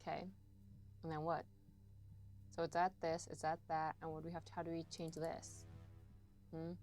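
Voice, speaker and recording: Chatty, gravelly young woman streamer. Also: low-pitched, completely flat delivery, normal speed, a little mellow, soft background music. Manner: chatty, swears a lot, talks to chat. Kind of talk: casual live-stream commentary while gaming.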